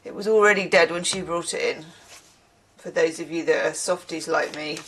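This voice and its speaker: A woman's voice: low-pitched, moderate pace, fairly bright tone, slight background noise. A tired woman giving a casual tarot reading, chatty and digressive, with the odd casual swear word. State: tired from little sleep. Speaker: tarot reader.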